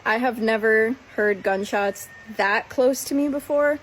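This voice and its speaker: Calm woman vlogger from Minnesota. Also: on the high side, measured pace, a little hiss or hum, rough recording. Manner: calm, matter-of-fact storytelling. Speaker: van lifer vlogger. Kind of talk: storytelling vlog.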